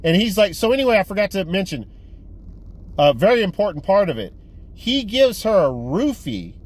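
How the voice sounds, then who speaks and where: A man with a fairly high voice retells a movie plot in a loose, rambling way, swearing freely and restarting his sentences. He sounds like a casual video review of a movie haul, with vehicle noise faintly in the background. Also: normal speed. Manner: rambling, profane, animated retelling. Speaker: movie collector vlogger.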